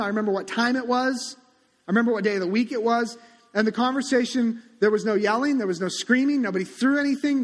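High-voiced pastor preaching in a reverberant hall. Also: male voice. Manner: conversational, animated preaching with acted-out quotes. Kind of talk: sermon. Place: church sanctuary.

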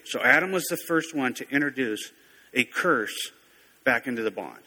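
Bright-voiced preacher in an echoing hall. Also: male voice, medium pitch, animated, moderate pace. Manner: conversational, self-correcting, folksy asides. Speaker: pastor. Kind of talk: sermon. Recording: long reverb of a large hall.

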